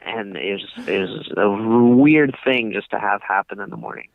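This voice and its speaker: A man's voice: lowish voice, expressive, normal speed, dry recording. A young man co-hosting a podcast, telling a long story in casual chat with many fillers, over a tinny phone line. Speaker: podcast co-host.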